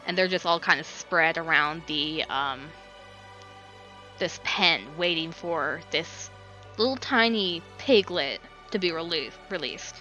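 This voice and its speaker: A woman's voice: low voice, takes it slowly, pushed and bright, soft background music. A woman narrating a tabletop game as game master, rambling with lots of fillers. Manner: rambling, filler-heavy description.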